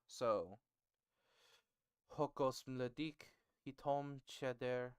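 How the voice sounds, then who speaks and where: A man's voice: medium pitch, slow pace, long pauses, smooth, dry recording. A male streamer, close to his mic, casually explaining how to build a language to his chat and joking with them. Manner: jokey, bantering with chat, laughs often. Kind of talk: casual livestream teaching about building a language.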